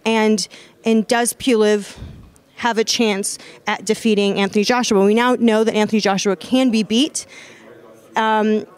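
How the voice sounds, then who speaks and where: An American woman hosts a fight chat show in a relaxed, talkative way. Her voice sits a little high, and she restarts sentences often and laughs along with her co-hosts. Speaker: boxing podcast host. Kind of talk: casual chat.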